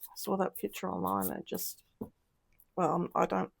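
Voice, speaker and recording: Gravelly-voiced woman reading tarot. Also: fairly low pitch, little pitch movement, moderate pace. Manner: emotional, upset, sighing and trailing off. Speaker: tarot reader. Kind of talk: casual tarot reading video.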